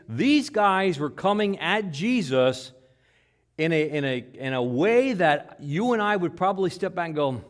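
A man preaching a sermon in church, animated, repeating words and acting out the quotes. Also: high-pitched. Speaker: pastor. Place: church with microphone.

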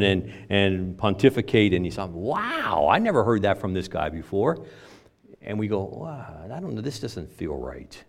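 Older man, pastor, low voice, conversational sermon, loud emphasis then quiet asides. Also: sing-song, moderate pace.

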